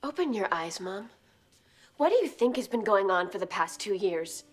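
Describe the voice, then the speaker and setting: A woman's voice: mid-range voice, big pitch swings, moderate pace. An actress playing a defiant teenage girl vampire slayer, tense and pleading.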